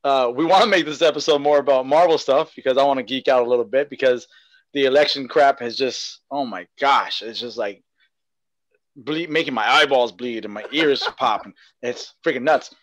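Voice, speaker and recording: A man co-hosting a podcast in casual chat, rambling and excitable, laughing often. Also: medium pitch, normal speed, no room sound, lo-fi sound. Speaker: podcast co-host.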